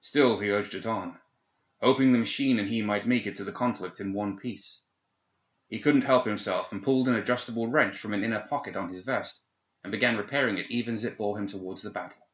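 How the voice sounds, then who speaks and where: A man reading a story aloud in steady, measured audiobook narration. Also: fairly low pitch. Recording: echoey, slightly dull recording.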